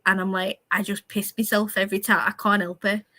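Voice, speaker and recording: A woman chatting casually on a livestream panel, telling loud, sweary stories and laughing often. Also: medium pitch, level tone, brisk, low-quality recording. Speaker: streamer panel guest.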